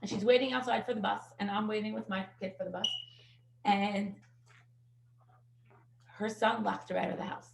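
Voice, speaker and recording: A woman teaching a parenting class in a casual, animated storytelling way, acting out what people said and dropping in Yiddish words. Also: medium pitch, normal speed, vocal fry, pauses often, noisy background. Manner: animated storyteller who acts out quotes and sprinkles in Yiddish words. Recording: echoey room.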